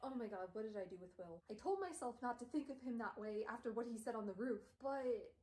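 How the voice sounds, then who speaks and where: Woman voicing a nervous young heroine, slightly high voice, roomy echo. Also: lively intonation, fast, mellow, close to an everyday voice. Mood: flustered. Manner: flustered self-talk. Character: anxious young woman, torn and defensive.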